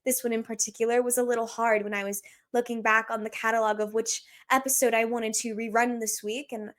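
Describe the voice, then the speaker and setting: Twenty-something woman hosting her own podcast, kinda high voice, earnest, says like a lot. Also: flat delivery, fairly quick. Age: 20s. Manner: earnest, confessional, says "like" often. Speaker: podcast host. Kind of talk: solo podcast reflection.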